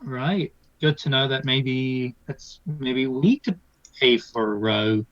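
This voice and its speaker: A man's voice: medium pitch, slow. A man playing a tabletop game in character, reasoning aloud in a thoughtful way. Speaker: player. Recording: dull, dry lo-fi audio.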